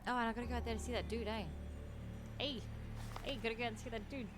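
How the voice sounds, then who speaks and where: A woman's voice: a little high, steady tone, quick pace. A woman chatting aloud as she streams a video game. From Australia. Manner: chatty, thinks aloud while playing. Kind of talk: casual gameplay commentary. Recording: game music loud behind voice. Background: game music.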